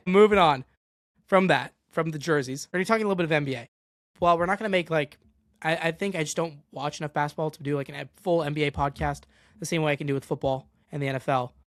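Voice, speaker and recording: A man's voice: a little high, no echo, clean studio sound. A young man hosting a solo sports podcast, ranting with exasperation and going off on tangents. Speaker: podcast host.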